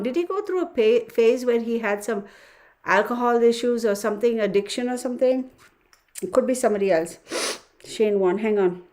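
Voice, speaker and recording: A woman's voice: fairly high pitch, fairly quick, a little mellow. Woman, casual livestream chat, tarot reader, talks to viewers, mutters numbers under her breath.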